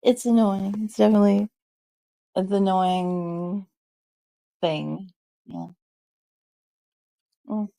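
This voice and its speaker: A woman's voice: medium pitch, fairly even intonation, slow pace, creaky, pauses often, mellow, no echo, poor audio. A woman streaming from home, chatting casually with her viewers and answering chat messages in a rambling way full of "like" and "um". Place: at home, snowed in.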